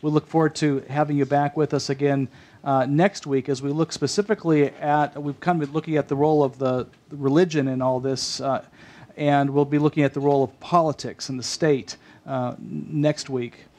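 A man hosting a faith talk show, halting and full of fillers. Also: on the high side, fairly even intonation, darkish tone. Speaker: host.

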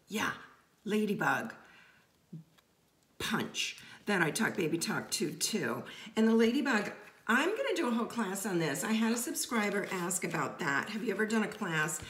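A middle-aged woman talks her viewers through a card-making project in a chatty, playful way. Her voice has a gravelly fry. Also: mid-range voice, fairly bright tone. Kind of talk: casual crafting tutorial.

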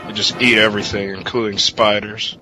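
A man's voice: lowish voice, flat delivery, fairly quick, music in the background, poor audio. A man hosting a casual podcast chat, rambling goofily and swearing. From United States. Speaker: podcast host.

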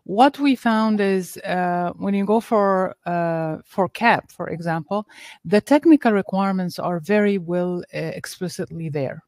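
Woman panelist on a webinar, measured explainer with many hesitations, dry close sound. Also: fairly low pitch, darkish tone, dry recording. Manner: measured, explanatory, frequent "uh" fillers. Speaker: laboratory quality expert on a panel.

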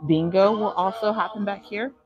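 A woman's voice: mid-range voice, fairly even intonation, moderate pace, dull audio, over music. A woman vlogger giving a chatty live walking tour of a cruise ship, answering chat questions, a little out of breath. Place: aboard a cruise ship, indoor decks.

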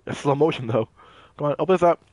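A young man giving animated gameplay commentary, talking to the characters on screen as he plays. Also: a little high, fast talker, dry recording. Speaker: gaming channel host.

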